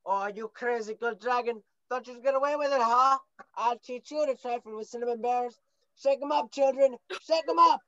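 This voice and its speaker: Brief: young actress as a bossy little male bear, fairly high voice, dry close sound, blustering. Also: moderate pace, a bit bright, no echo, highs cut off, natural voice. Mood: ferocious. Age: young adult. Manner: bossy, blustering, mock-ferocious. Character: brave, gruff little male cinnamon bear. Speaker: student actor. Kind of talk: stage play acting.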